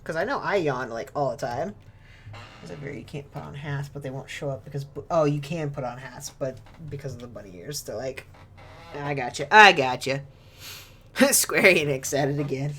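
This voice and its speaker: A woman's voice: low-pitched, a little fast. A woman streaming a video game from home, chatting and joking with viewers and her dog, laughing often. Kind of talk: casual gaming stream chat. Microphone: desk mic with webcam.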